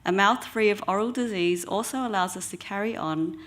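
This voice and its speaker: A woman, an oral health therapist giving an educational talk in a measured way with frequent ums. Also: mid-range voice, fairly bright tone.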